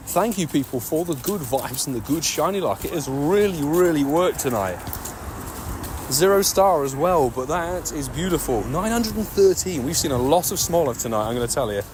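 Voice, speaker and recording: A man giving excitable, nonstop live-stream commentary while walking outdoors and playing a mobile game. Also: fairly high pitch, moderate pace. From United Kingdom. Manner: chatty, excitable running commentary, talking nonstop like a radio DJ. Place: outdoors on city streets. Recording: loud street noise with passing traffic.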